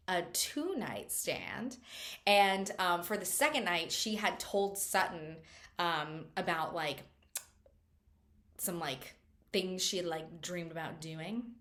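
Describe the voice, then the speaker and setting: A woman's voice: on the low side, slow pace, a bit bright. A woman hosting a casual book chat, recapping a novel in a chatty way with lots of fillers and wry asides. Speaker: book reviewer host.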